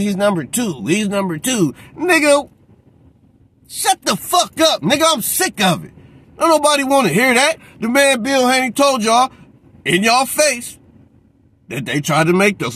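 Man ranting, high and heated. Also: sing-song, moderate pace, a bit bright. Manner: profane, repeats a catchphrase, mocks others in put-on voices. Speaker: boxing commentator. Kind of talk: heated rant.

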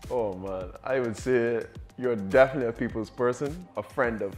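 A man's voice: medium pitch, moderate pace, soft background music. A young man and cricketer asking a friend questions in an easygoing chat, laughing often. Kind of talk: casual chat between friends.

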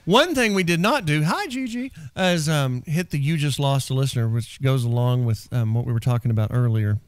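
A man's voice: medium pitch, lively intonation, a little fast, a little hiss or hum. A man hosting a radio talk show in a studio, joking and teasing his crew and laughing often. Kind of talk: casual radio banter.

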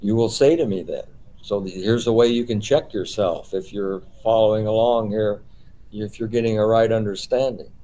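Low, mellow-voiced man leading a study. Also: moderate pace, low-quality recording. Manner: explains patiently, poses rhetorical questions. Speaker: Bible study leader. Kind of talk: teaching a small group.

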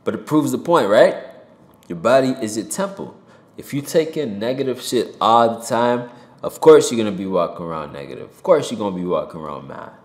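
A rapper giving a heated opinion monologue to camera from a home desk mic, swearing and jumping loud and high for emphasis. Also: male voice, lively intonation, brisk, roomy sound. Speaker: rapper and commentator. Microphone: desk mic with pop filter.

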